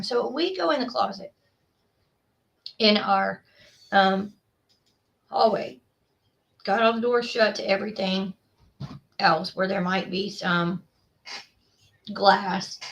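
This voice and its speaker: A woman hosts a casual livestream, rambling through stories with plenty of ums and likes. Her voice is bright and a little high. She chats easily with her viewers. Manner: chatty, rambling, many fillers. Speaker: livestream host. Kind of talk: casual chat with live viewers.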